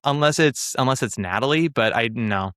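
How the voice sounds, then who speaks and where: A man's voice: medium pitch, moderate pace, no room sound, studio quality. Opinionated man chatting about theater. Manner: opinionated, animated, trails off and restarts. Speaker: podcast host. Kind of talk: casual chat about theater.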